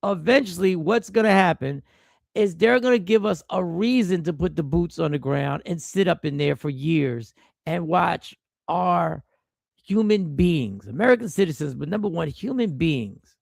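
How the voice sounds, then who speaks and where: A man's voice: fairly high pitch, expressive, normal speed, no room sound, clean studio sound. A man hosting a casual live stream, talking with a stuffy nose from a cold, riffing and repeating himself as he greets viewers by name. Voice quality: gravelly.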